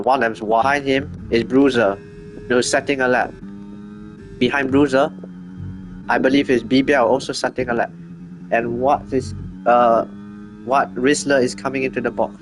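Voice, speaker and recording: A man giving live commentary on an online racing league session, quick and chatty, often correcting himself as cars cross the line. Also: mid-range voice. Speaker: race commentator.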